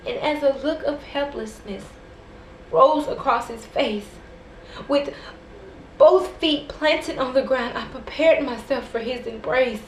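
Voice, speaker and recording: Her voice sits high and moves slowly as this poet recites a dramatic, rhythmic spoken word piece, building until it becomes impassioned. The space echoes, and there's faint noise behind her.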